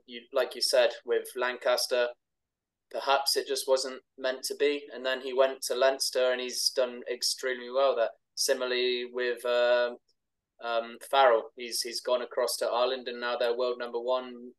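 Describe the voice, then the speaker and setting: Male podcast host, even monotone delivery, measured and scripted-sounding questions. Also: mid-range voice, poor audio. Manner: measured, reads prepared questions. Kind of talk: interview questions.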